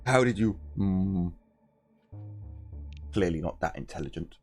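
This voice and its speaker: A man's voice: sits low, measured pace, pauses often, darkish tone, faint music behind. A man playing a video game on his channel and commenting into a desk microphone, with jokey asides. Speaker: gaming YouTuber. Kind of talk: let's-play commentary.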